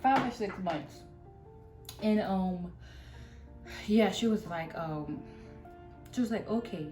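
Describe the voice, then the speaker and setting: A woman's voice: a little high, darkish tone, low-quality recording. A young woman, a new mother, candidly telling her own story to camera in a rambling, casual way full of "like"s and "y'all"s.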